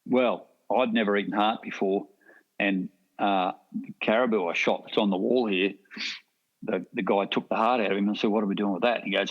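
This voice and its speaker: Low-voiced Australian man telling stories. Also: steady tone, a little fast, dull audio. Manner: rambling anecdotal, laughs often. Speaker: podcast guest, hunter. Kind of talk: casual storytelling chat.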